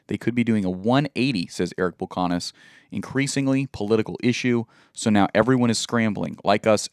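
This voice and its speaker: Upbeat joking guy cohosting a stream, lowish voice, dry no room sound. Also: smooth, dry recording. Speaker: co-host. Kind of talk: casual livestream chat.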